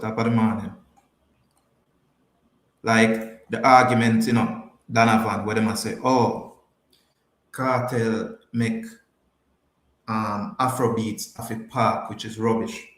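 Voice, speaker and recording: A man's voice: on the low side, steady tone, slow pace, pauses often, echoey room. Jamaican man riffing on a podcast. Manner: emphatic, repeats phrases. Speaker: podcast host. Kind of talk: casual livestream chat, answering viewers.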